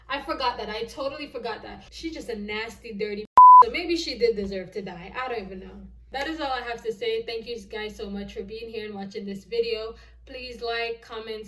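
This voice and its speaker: Woman vlogger, fairly high voice, exasperated movie recap, off-mic in an echoey room. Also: sharp tone, recorded from a distance. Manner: exasperated, incredulous storytelling. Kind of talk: casual movie review recap.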